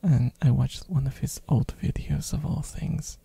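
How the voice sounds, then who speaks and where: Slow, raspy, hoarse ASMR rambler with a throat infection, chatty and giggly, close on a binaural mic. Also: mid-range voice, dark tone, dry recording. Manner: rambling, with frequent fillers and giggles. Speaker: ASMR streamer. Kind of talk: soft-spoken ASMR rambling.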